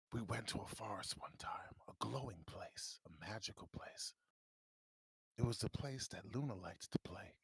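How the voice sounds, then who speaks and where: A man's voice: lowish voice, a bit bright, slightly rough, dry recording, exaggerated voice, rough recording. A man voicing a boastful adventurer who guards his belongings, telling tales in a dramatic half-whisper.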